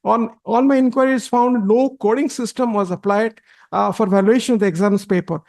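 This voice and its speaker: A man arguing a case before a judge, halting and deferential, with many restarts and repeated "my lords.". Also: high-pitched, steady tone, darkish tone. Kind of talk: courtroom argument.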